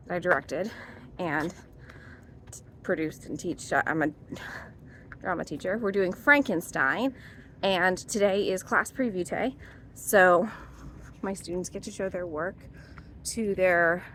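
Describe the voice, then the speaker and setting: A young woman talks straight to the camera in an easy, rambling vlog style, full of fillers and small laughs. Her pitch sits in the ordinary middle range for a woman, and the talk feels unscripted and personal. A faint hum of noise sits under the voice. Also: a bit bright. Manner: chatty, rambling, with many fillers and little laughs. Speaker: drama teacher and vlogger. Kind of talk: casual vlog chat.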